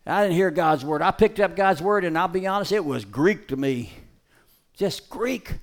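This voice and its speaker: Folksy man preaching with a dog. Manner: folksy and emphatic, swinging between loud calls and low quiet asides; gives brisk dog commands. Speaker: preacher giving a dog-training demonstration. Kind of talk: live sermon demonstration. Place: stage before a live audience.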